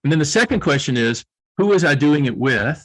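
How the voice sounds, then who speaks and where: A man's voice: a little high, expressive, brisk. A middle-aged man with a Southern US accent, speaking as a guest coach in an earnest, reflective way and often restarting his phrases.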